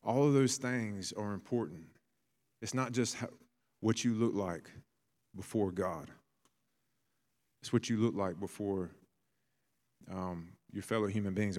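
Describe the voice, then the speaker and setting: A man in his thirties preaching a sermon as a pastor, telling family stories and building to bursts of excitement. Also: low-pitched, big-room sound.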